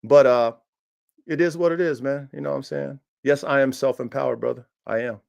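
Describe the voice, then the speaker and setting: A man's voice: mid-range voice, steady tone, brisk, vocal fry, a little mellow. A man hosting a livestreamed dog podcast, talking in a boastful, confrontational way with emphatic slang. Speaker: podcast host and dog breeder. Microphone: streaming setup.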